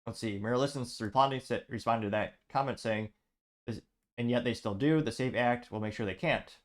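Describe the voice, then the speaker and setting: On his show, a host reads out social media comments and follows them with wry asides. He has a mid-range voice and speaks at normal speed.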